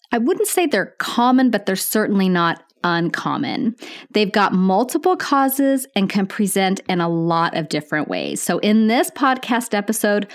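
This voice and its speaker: Woman, nurse podcast host, middle-aged, calm, slow, friendly, teaching. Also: mid-range voice.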